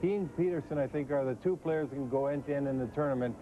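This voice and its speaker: A man giving hockey analysis as a guest on a televised preview, earnest and measured, on dull lo-fi TV audio. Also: medium pitch, slight background noise. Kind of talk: TV studio analysis.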